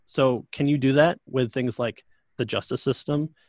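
Male speaker at mid pitch, halting and thoughtful, dry close sound. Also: no echo. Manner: halting, thoughtful, with frequent restarts. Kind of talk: casual conversation.

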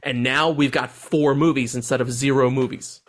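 A man's voice: mid-range voice, steady tone, moderate pace. A man co-hosting a podcast in casual, profane banter, joking and laughing often. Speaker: podcast co-host.

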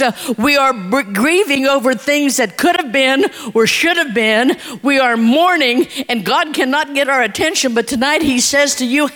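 A preacher giving a folksy, emphatic sermon that repeats key phrases and swings sharply in pitch. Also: sharp tone.

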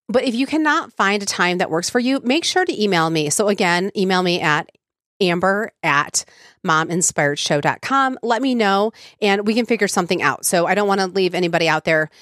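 A woman's voice: medium pitch, a bit bright, no echo, studio quality. A woman hosting a podcast, talking casually with many ums and you-knows, her voice congested from a cold. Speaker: podcast host. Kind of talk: casual solo podcast talk.

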